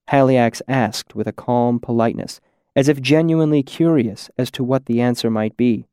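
A man narrating a fantasy story in a measured, deliberate reading. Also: mid-range voice, mellow, clean tone, dry recording, clean studio sound. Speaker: audiobook narrator.

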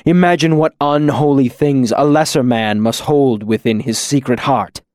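A man's voice: medium pitch, moderate pace, dry recording, clean studio sound, lightly acted. A man voicing a grief-stricken fallen male hero who speaks with heavy weariness, at times breaking into anguish. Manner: weary and heavy, rising to anguished shouts. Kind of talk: audiobook character voice.

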